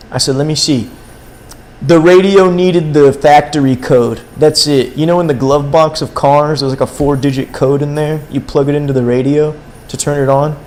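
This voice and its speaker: A man's voice: on the high side, darkish tone. A young man streaming a game and telling a long story in a rambling, slangy way, with many fillers and restarts. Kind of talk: casual livestream storytelling.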